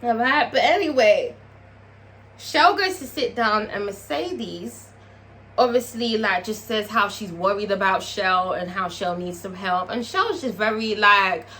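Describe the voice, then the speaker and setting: A woman giving a casual, profane, animated recap of a TV episode and talking straight to her viewers. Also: mid-range voice, measured pace, slight background noise. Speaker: TV review vlogger.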